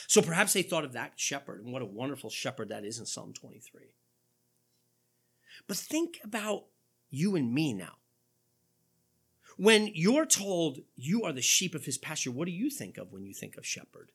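A man preaching a sermon, his voice slightly husky and bright in tone. He speaks with lively swings in pitch, and he fires off rhetorical questions as he quotes scripture. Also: moderate pace, pauses often. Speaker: pastor.

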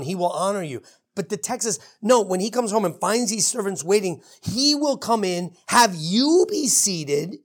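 A woman pastor delivers a sermon in a relaxed, conversational way, often breaking off to restart or add an aside. Her voice is husky and a little breathy, set at an ordinary middle pitch. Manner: informal, with frequent asides and restarts.

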